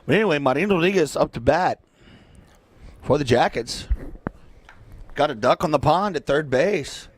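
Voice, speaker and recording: A man doing play-by-play for a local baseball game, chatty and joking between pitches. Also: lively intonation, normal speed, long pauses. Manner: joking, chatty, breaks into silly asides. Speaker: play-by-play announcer.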